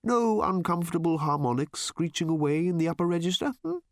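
A man voicing a strange, chatty, shape-shifting bird-like machine in an audiobook, its pitch jumping from very high to very deep. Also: dry recording, studio quality. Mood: matter-of-fact. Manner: shifts pitch wildly, calm and briskly matter-of-fact. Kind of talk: audiobook character voice.

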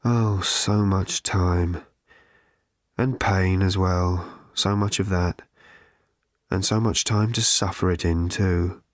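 A male narrator voicing an ancient, rusted, gloomy robot with a croaking, hollow rattle, speaking slowly and self-pityingly. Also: low-pitched, fairly even intonation, no room sound, clean studio sound. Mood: mournful. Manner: slow, mournful, self-pitying.

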